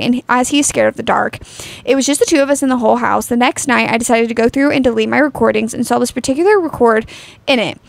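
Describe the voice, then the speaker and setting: A woman's voice: fairly high pitch, gravelly, no echo. A young woman co-hosting a chatty podcast who rambles with lots of fillers and reads a story aloud. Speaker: podcast co-host. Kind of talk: casual chat, reading a story aloud.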